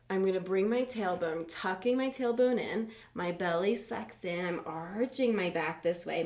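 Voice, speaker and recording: A woman leading a live online yoga class for kids, gentle, encouraging and playful as she talks through each pose. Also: medium pitch, echoey room. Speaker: yoga teacher for children.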